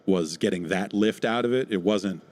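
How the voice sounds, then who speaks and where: Low-voiced swearing man on a podcast. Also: moderate pace. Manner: rambling and profane, breaks into loud mock quotes. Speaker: podcast host recalling work in online game media. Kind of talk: casual chat with gameplay.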